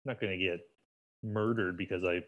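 A man's voice: sits low, fairly even intonation, moderate pace, muffled recording, a little hiss or hum. A man appearing as a guest on a podcast, speaking in casual chat with dry, joking remarks.

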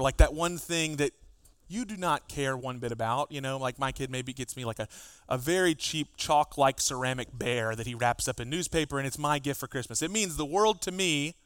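A man, a pastor, preaching a sermon, animated and acting out exchanges with his children. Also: a little high, clear, resonant tone, dry recording, clean studio sound. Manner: animated, acts out dialogue with his kids.

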